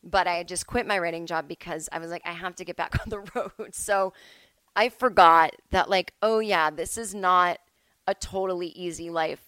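A woman hosts her own podcast from home in a lowish, slightly bright, smooth voice at a moderate pace. The audio is poor but has no echo. Her solo monologue is casual, chatty, and rambling, and she often breaks off mid-thought.

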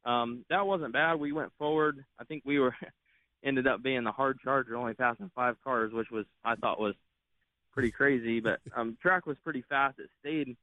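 A man's voice: mid-range voice, normal speed, no echo. A man who drives race cars, chatting in an easygoing way as a guest over the phone, with lots of fillers. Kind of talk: casual interview on phone. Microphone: phone line. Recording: tinny phone line.

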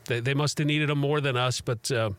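A man from Chicago hosting a sports radio show, telling stories in an animated, laughing way. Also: medium pitch, fairly quick, clean tone, no echo. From Chicago, USA. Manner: animated storyteller, laughs easily. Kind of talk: casual radio chat.

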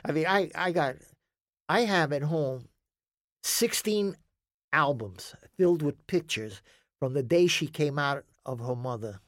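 A man's voice: a little high, lively intonation, a little slow, fairly bright tone. A man sharing his story as a guest in an interview. His telling is emphatic and rambling, laced with swearing. The recording is dry and close, with no echo. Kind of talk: storytelling in a conversation.

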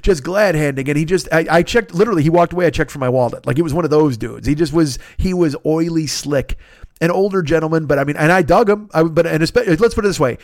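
A man hosting a podcast, telling a story in a casual, animated, profane way. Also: fairly high pitch, fast talker, no echo, studio quality. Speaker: podcast host.

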